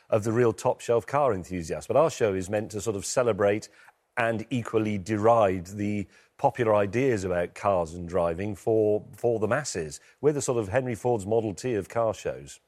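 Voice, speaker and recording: A British man with a fairly low, darkish voice speaks at a normal pace as an interview guest on a remote line from London. He's hesitant and full of fillers, with a dry, wry way of phrasing things.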